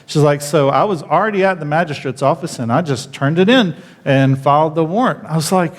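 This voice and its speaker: Pastor guy preaching a story, high voice, gets real animated, hall echo. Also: fairly quick. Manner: animated, jumps high when retelling his outrage. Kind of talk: sermon storytelling. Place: church auditorium. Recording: church hall reverb.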